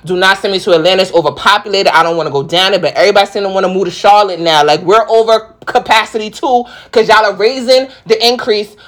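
A woman's voice: medium pitch, fast talker, hardly any pauses. Young female podcast host with a heavy New York accent. Casual, slangy, rowdy solo talk. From New York, the Bronx.

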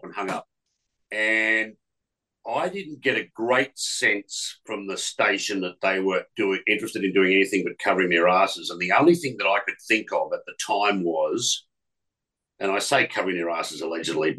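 A man's voice: sits low, moderate pace, bright, forceful tone, low-quality recording. A man, a radio presenter telling stories as a guest, who is emotional and often repeats words and restarts. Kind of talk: storytelling interview.

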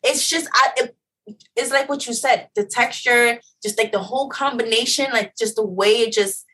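A woman chatting on a podcast, excitable and swearing freely. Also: a little high, normal speed, rough recording. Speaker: podcast co-host. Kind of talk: casual chat.

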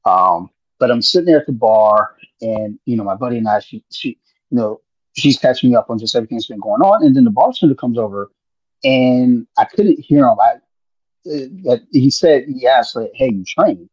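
A man's voice: medium pitch, expressive, normal speed, darkish tone, husky, no room sound. A man in laid-back, rambling casual chat on a podcast, swearing freely. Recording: muffled lo-fi audio.

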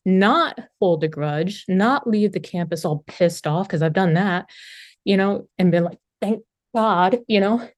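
Middle-aged woman, recovery-meeting share; candid and casual, curses freely, lower register, dry. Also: a little slow, no room sound. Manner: frank, conversational, swears freely. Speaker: speaker sharing at a recovery meeting.

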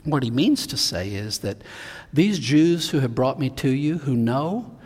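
A man preaching a sermon, acting out the Bible figures' lines with sudden swings between soft and loud. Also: mid-range voice, lively intonation, unhurried, long reverb tail.

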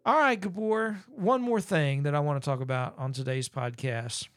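A man co-hosts a podcast in a relaxed, folksy way. He rambles and leans on fillers. His voice sits a little high, and the sound is dry and close with no room echo. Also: normal speed, few pauses, faint music behind. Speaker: podcast co-host. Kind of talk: casual podcast chat.

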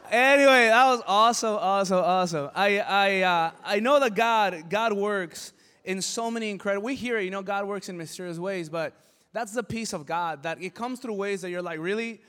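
A man leading a church service who responds to a testimony in a joking, lively way, preaching casually. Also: high-pitched, normal speed, smooth. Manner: joking and lively, speaks up loudly.

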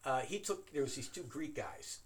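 A man in casual chat, excitedly telling an anecdote with plenty of swearing. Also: mid-range voice, normal speed. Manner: animated, excitable storyteller who swears.

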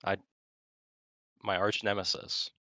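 A man with a lowish voice and a bright, forceful edge talks about his matches with cocky, competitive swagger. His mic is close and dry. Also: flat delivery, slow pace, dry recording. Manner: brash, competitive trash talk. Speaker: pro player and co-host. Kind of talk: casual esports chat.

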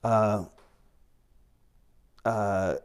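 A man's voice: lowish voice, steady tone, very slow, clear, resonant tone. A man giving an informal sermon in a church, conversational and rambling, with many fillers and restarts, reading and retelling scripture. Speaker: preacher.

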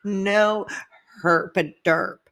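A woman's voice: medium pitch, steady tone, very slow, a bit bright. A woman in her twenties telling candid personal stories in casual chat, swearing freely and acting out the people she quotes. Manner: candid, swearing, laughing, acts out quoted dialogue.

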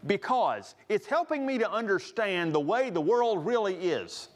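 A man's voice: high-pitched, sing-song, measured pace. A man preaching a sermon, earnest, rising to stress each scripture he quotes. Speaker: pastor.

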